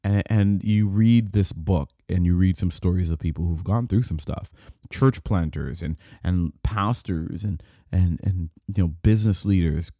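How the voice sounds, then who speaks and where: A man's voice: low-pitched, a little slow, mellow, no room sound, studio quality. A man hosting a solo podcast, talking in a loose, rambling way that keeps restarting and repeating words. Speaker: podcast host. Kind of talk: casual solo podcast talk.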